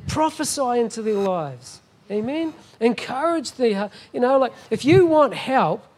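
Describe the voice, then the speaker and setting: A man's voice: very high voice, lively intonation, unhurried, a little mellow, breathy edge. A middle-aged man preaching a sermon as a guest pastor, emphatic and often asking the congregation "Amen?".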